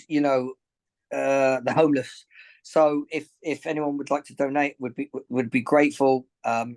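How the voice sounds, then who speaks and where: A man's voice: mid-range voice, creaky, low-quality recording. A man, a boxing coach and gym owner, talks earnestly in a podcast interview, rambling, repeating himself and getting emotional.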